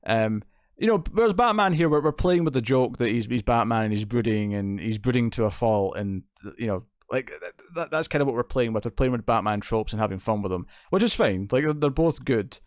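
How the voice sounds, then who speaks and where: A man's voice: mid-range voice, no room sound. Casting: male film reviewer, conversational and rambling, resonant voice, dry close sound. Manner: rambling, with many fillers and restarts. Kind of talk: casual spoken movie review.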